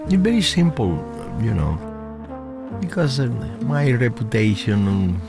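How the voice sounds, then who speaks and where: A man in his seventies, a musician guest whose first language is not English, telling stories in an animated way with frequent laughter and halting restarts. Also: mid-range voice, vocal fry, over loud music. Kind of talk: casual interview storytelling.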